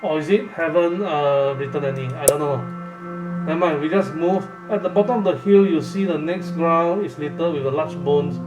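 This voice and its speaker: A nervous man reads a fantasy gamebook aloud, halting and restarting, with his voice sitting a little high. He sounds distant in a roomy space, with music playing behind him. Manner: hesitant, halting, with many fillers and restarts. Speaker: gamebook reader and channel host. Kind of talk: casual live gamebook playthrough.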